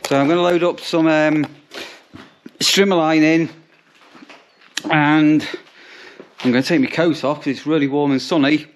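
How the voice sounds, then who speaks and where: Man, campsite warden vlogging outdoors; rambling, casual, a touch high-pitched. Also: slight background noise. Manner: chatty, rambling, lots of ums and restarts. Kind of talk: casual vlog narration.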